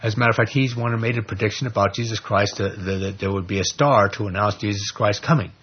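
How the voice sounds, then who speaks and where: Husky man preaching an informal Bible study. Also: fairly low pitch, fast, highs cut off. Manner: conversational and animated, with frequent "you know" and "okay?" asides. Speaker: lay Bible teacher.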